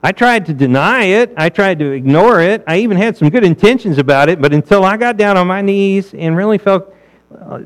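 Higher-voiced male preacher. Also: lively intonation, brisk, poor audio. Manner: conversational, asks the congregation rhetorical questions. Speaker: pastor. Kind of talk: sermon.

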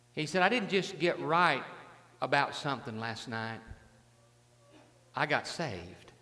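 A man preaching a revival sermon, dropping to hushed storytelling and rising to fervent shouts. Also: fairly high pitch. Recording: long reverb in a large hall.

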